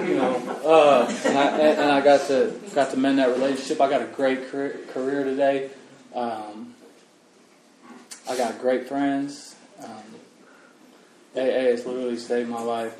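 A man sharing his recovery story at a meeting, halting and earnest with many restarts, emotional. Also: medium pitch, a little mellow, slight background noise. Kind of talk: personal recovery testimony. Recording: roomy echo, far from mic, faint ambience.

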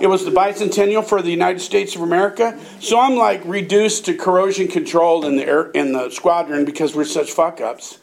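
A man's voice: high voice, steady tone, brisk, vocal fry, hardly any pauses. An older man telling a rambling, profane story in casual chat, often laughing as he talks. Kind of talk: casual anecdote.

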